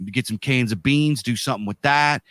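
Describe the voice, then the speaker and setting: A man's voice: mid-range voice, brisk, a bit bright, clear, resonant tone, no echo. Podcast guy in his 30s or 40s, blunt and cussing a lot, dry close sound. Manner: blunt, profane, emphatic, street slang. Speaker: podcast co-host. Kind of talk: casual podcast chat.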